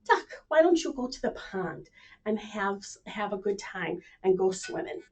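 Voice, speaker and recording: A kindly old farmer fusses and gently scolds in a warm, fatherly way, as a woman puts him on for a children's storybook. His tone jumps up with exclamations of surprise. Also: medium pitch, very animated, normal speed. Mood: fond scolding.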